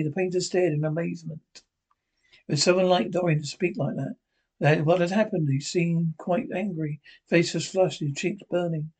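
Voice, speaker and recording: A man narrating a classic novel as an audiobook, reading in a steady, measured way. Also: fairly high pitch, breathy edge, rough recording. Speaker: reader.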